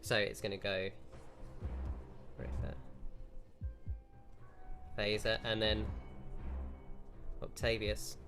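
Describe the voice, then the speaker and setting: A man running a tabletop game as game master, describing scenes in an unhurried way and giving players instructions. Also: fairly low pitch, level tone, a bit bright, soft background music.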